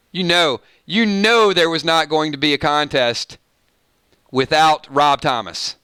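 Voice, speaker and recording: Male streamer, casual chat, breaks into song bits, bright tone, dry close sound. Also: on the high side, unhurried, smooth, no room sound. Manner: sings snippets of songs, playful and animated. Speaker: livestream host.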